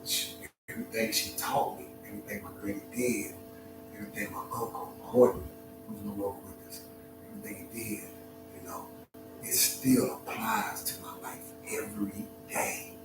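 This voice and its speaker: Emotional man, hushed to preaching, echoey. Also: on the low side, little pitch movement, normal speed. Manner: swings from hushed near-whisper to loud preaching. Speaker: talk show host. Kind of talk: emotional heartfelt talk to listeners. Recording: very echoey room, far from the mic, clear music behind.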